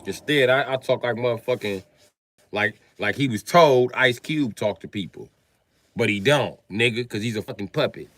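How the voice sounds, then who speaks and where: Swearing man ranting live at his chat, sharp forceful voice, cars faintly in the background. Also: mid-range voice, normal speed, a little hiss or hum. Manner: profane, confrontational, heavy swearing. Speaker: livestreamer. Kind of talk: livestream rant to viewers.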